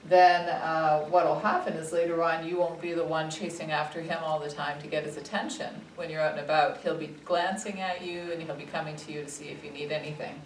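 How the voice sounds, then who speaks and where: Calm woman trainer in an echoey room. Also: low-pitched, a little fast, hardly any pauses. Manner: calm, steady instructive tone. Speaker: puppy trainer. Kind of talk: explaining puppy training to owners. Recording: echoey room, distant mic, faint noise.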